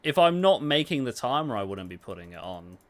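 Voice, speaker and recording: A young man talking casually on a game livestream, answering viewer questions as he plays. His voice sits at an ordinary middle pitch, and he swears freely in a relaxed way. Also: fairly quick. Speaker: gaming livestreamer.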